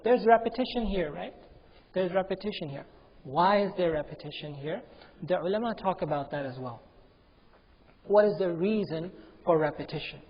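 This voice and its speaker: A man's voice: a little high, breathy edge. Man, religious teacher, raised voice, emphatic repetition, chanted verses, long hall echo. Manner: emphatic, repeats key phrases, chants Arabic verses. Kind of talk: Quranic commentary lecture. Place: mosque prayer hall. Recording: dull lo-fi with long hall reverb.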